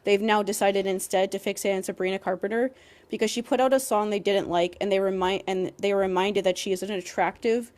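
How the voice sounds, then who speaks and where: A woman's voice: mid-range voice, steady tone, fairly quick, a little mellow. Heated young woman ranting on a podcast. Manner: heated and emphatic, heavy use of "like", swearing. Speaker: podcast co-host.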